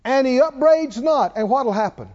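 A man's voice: very high-pitched, expressive, moderate pace, darkish tone. A man preaching a sermon who keeps putting questions to his congregation, in a dull lo-fi church recording. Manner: call-and-response preaching, asks the congregation questions.

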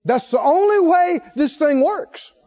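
A man preaching a sermon, telling a personal story that swings between hushed asides and emphatic points. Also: very high voice, animated, unhurried. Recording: dull lo-fi sound.

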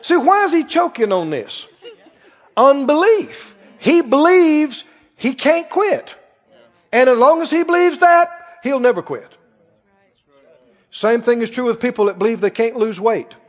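A man's voice: extremely high pitch, animated, measured pace. A male pastor preaching a sermon, emphatic, repeating phrases and quoting scripture. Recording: echoing hall, dull lo-fi sound.

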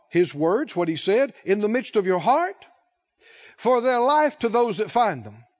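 Slow, emphatic high-voiced male preacher. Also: dull audio. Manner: slow, emphatic delivery, drawing out key words and asking the congregation questions. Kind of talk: sermon.

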